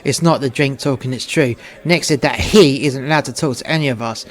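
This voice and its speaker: A man's voice: mid-range voice, brisk, fairly bright tone, natural voice. A man voicing a drunk, rude female shop worker who snaps accusations in a story reading. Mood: snappish. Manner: snappy, accusing.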